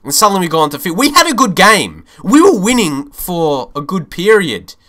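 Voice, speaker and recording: A young man streaming a football management game, commenting live with animated, frustrated swings and frequent swearing. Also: high-pitched, normal speed.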